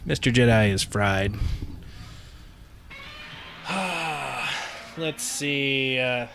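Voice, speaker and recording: A man's voice: medium pitch, lively intonation, very slow, gravelly, over loud music. A man hosting a live pinball stream, chatting casually with viewers, laughing often as he plays. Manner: chatty, laughs often, talks to chat while playing.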